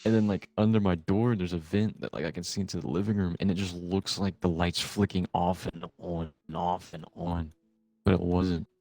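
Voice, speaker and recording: A man's voice: low-pitched, steady tone, normal speed, darkish tone, no echo, faint music behind. A young man chatting casually while gaming, telling a long rambling story full of swearing. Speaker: gamer recording with a friend.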